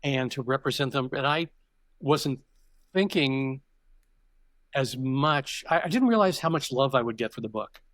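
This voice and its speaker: A man's voice: mid-range voice, expressive, a little slow, fairly bright tone, dry recording. An older man, a podcast guest, telling stories reflectively in conversation, often restarting his sentences. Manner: reflective and digressive, with frequent restarts. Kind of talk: conversational interview storytelling.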